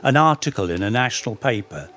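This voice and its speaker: A man's voice: medium pitch, lively intonation, fast talker, a bit bright. A middle-aged man giving an anecdotal talk on folk history, with dry humour and frequent self-corrections. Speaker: speaker giving a public talk.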